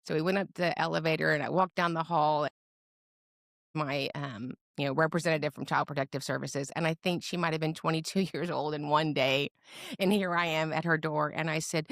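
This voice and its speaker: A woman's voice: low-pitched, brisk, creaky, no room sound. Middle-aged lady guest telling her story, jokey, does the voices, dry close sound. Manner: lively storyteller who acts out quoted voices with humor. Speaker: guest, special education advocate. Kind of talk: personal storytelling in a podcast interview.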